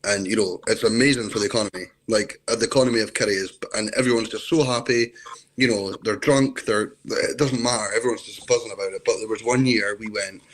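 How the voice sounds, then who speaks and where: A man's voice: fairly low pitch, steady tone, quick pace. A Scottish man from Scotland, chatting as an interview guest on a video call, telling rambling stories. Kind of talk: casual chat.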